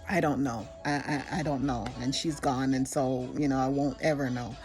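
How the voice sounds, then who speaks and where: An older woman telling a personal story in an earnest, halting way, often restarting her sentences. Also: extremely low pitch, fairly even intonation, darkish tone, soft background music.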